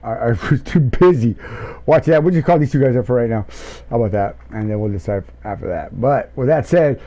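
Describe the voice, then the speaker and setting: A man commentating a sim race and interviewing drivers, shouting in excitement, then rambling. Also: medium pitch, moderate pace, poor audio.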